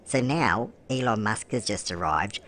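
A man's voice: on the low side, lively intonation, measured pace, a crowd in the background. A man playing a chatty old nan gamer. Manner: calls listener love, answers own questions. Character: chatty elderly grandmother gamer, cheeky. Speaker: game host. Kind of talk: let's-play commentary. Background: music.

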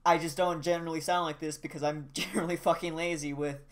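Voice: medium pitch, steady tone, fast talker, a little hiss or hum. A vlogger talking casually about their own voice, self-mocking, swearing lightly and laughing between words. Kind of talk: casual self-recorded monologue.

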